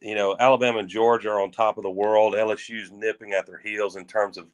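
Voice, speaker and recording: Lower-voiced man in rambling sports talk. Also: level tone. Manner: rambling, folksy, drawn-out phrases with restarts. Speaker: sports radio co-host.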